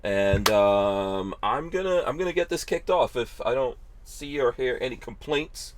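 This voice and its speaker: A male podcast host chatting live from inside his car, the sound close and dry. He jokes around and laughs readily, with a middle-pitched voice. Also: unhurried, no echo. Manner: laughs easily, animated and joking with the guest. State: tired. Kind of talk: casual live podcast chat.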